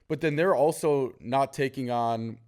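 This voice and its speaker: Man, podcast host, candid storyteller, mid-pitch, casual chat. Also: measured pace. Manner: candid, storytelling, animated when quoting. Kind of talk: casual conversation.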